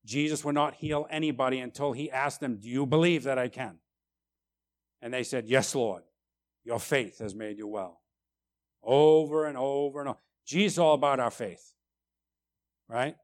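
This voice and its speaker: A man preaching a sermon, emphatic, tagging lines with "right?" and swinging between loud and quiet. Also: mid-range voice, measured pace, long pauses. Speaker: pastor.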